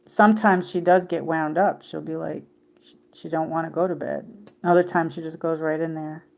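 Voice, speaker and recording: A woman's voice: low-pitched, fairly even intonation, normal speed, gravelly, darkish tone. A middle-aged woman hosting a livestream, chatting casually in a rambling way with many fillers and restarts. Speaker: livestream host.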